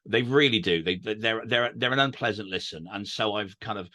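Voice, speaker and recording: A man talks quickly and eagerly in a tenor voice, his tone bright and forceful. He chats casually as an interview guest, tumbling over his words and poking fun at himself. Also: on the low side. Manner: naturally very fast talker, animated, self-deprecating. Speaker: guest radio DJ and author.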